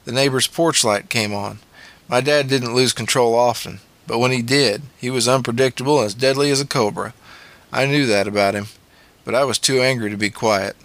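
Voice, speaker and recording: A man's voice: medium pitch, moderate pace, a bit bright. A man narrating a memoir audiobook in a plain, matter-of-fact way.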